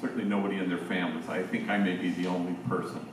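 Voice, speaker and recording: A man in his sixties, a priest, telling stories to a room of teachers in a relaxed, conversational way with slangy asides. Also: low voice, very fast, background noise. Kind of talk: storytelling talk to teachers. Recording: echoey hall, distant mic.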